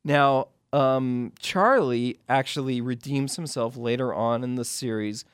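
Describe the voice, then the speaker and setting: A man's voice: medium pitch, a little slow, smooth, no room sound. Man rambling through film analysis, dry. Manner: rambling, with many restarts and retellings of scenes. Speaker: film critic guest. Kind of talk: casual explanatory radio talk.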